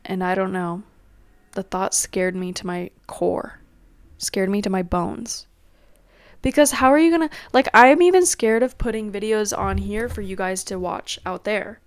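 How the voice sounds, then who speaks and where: A woman's voice: mid-range voice, measured pace, no room sound. A young woman rambling in a casual, self-deprecating solo chat at home. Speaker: podcast host.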